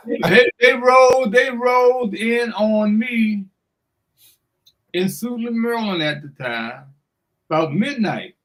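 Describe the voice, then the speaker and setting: An older man telling a lively story on the radio. He acts out the voices as he goes, laughs often, and keeps calling the listener "man". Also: very high-pitched, takes it slowly, poor audio. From Washington DC area. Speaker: guest storyteller. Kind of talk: animated anecdote on radio.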